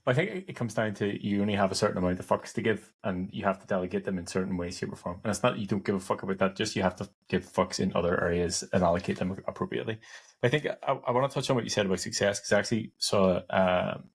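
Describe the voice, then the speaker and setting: A man's voice: deep voice, fast talker, slightly rough. A man hosting a podcast, talking casually and bluntly with some swearing. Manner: blunt and profane. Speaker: podcast host. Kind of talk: casual conversation.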